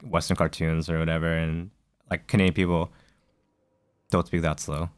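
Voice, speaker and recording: A man's voice: low voice, little pitch movement, moderate pace, clear, resonant tone, no room sound. A man co-hosting a gaming podcast, talking casually and thoughtfully, asking questions with fillers. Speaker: podcast co-host. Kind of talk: casual chat.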